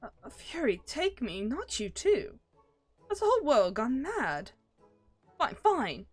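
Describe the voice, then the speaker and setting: A woman's voice: high-pitched, big pitch swings, slow, husky, soft background music, voice pushed up, full character voice. Woman doing a stern officious inquisitor. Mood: exasperated. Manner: formal, commanding legal phrasing.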